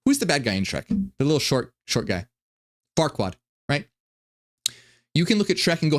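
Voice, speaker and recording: A man hosting a casual reaction commentary, talking in an animated, profane way and often restarting his sentences. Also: a little high, moderate pace, long pauses. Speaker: commentary host.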